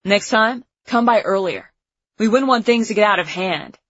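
A woman's voice: medium pitch, normal speed, lightly acted. Woman reading as a showy, mocking teenage school bully. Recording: slightly muffled lo-fi recording.

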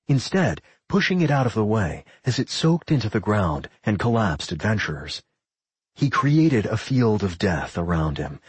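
A man narrating a fantasy audiobook in an expressive storytelling manner. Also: on the low side, slightly rough, dry recording.

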